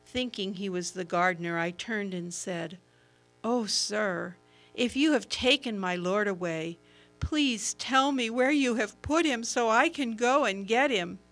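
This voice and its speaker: A woman's voice: medium pitch, measured pace, fairly bright tone. A woman voicing Mary, a grieving follower of Jesus, in an earnest and emotional first-person dramatic monologue. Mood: sorrowful. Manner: earnest, emotional, swelling at moments of wonder.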